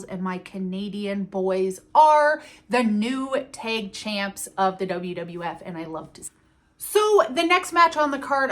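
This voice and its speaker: A woman's voice: on the high side, a bit bright. A woman chatting casually and enthusiastically as she reviews a wrestling event, with the odd casual swear.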